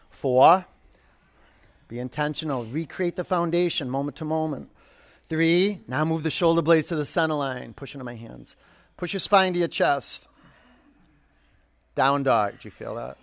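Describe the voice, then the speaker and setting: A man's voice: fairly high pitch, measured pace, gravelly, pauses often, no echo. A man leading a live yoga class, calling poses, counting down holds and encouraging students. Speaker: yoga instructor.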